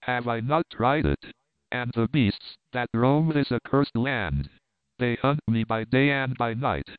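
A man's voice: medium pitch, animated, unhurried, smooth, no room sound, narrow, tinny audio, lightly acted. A man voicing a haggard, despairing officer, speaking gloomily. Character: haggard, desperate, gloomy German officer, male.

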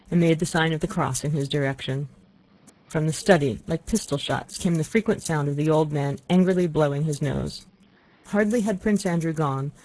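An audiobook narrator reading a classic novel in a steady, measured way. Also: mid-range voice, poor audio.

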